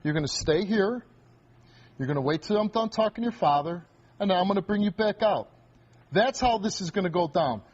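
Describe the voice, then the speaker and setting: A stern male talk show host lectures and commands from a studio stage. His voice is husky and pitched somewhat high for a man, and the broadcast sound is dull and muffled. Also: expressive, fairly quick, darkish tone.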